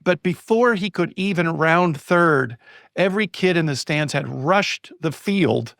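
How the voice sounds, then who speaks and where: Man, middle-aged, animated storyteller, slightly high voice, dry close sound. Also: unhurried, creaky, no room sound. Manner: lively storyteller, building excitement. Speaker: guest speaker on storytelling. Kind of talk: personal anecdote in a podcast interview.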